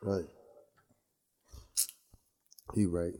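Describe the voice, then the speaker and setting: A man co-hosting a podcast, joking loudly and profanely in casual chat. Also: sits low, little pitch movement, extremely slow. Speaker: podcast co-host.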